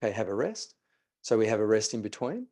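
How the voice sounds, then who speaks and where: A man's voice: fairly low pitch, sing-song, fast, warm tone. A man, a mindset coach telling a client story and guiding a breathing exercise. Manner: storytelling, re-enacts conversations.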